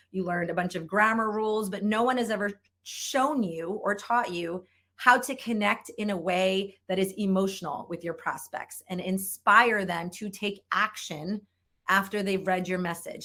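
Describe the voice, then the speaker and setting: A woman's voice: medium pitch, a bit bright. Woman, middle-aged, sales trainer, conference keynote, upbeat, emphatic, repeats herself for effect.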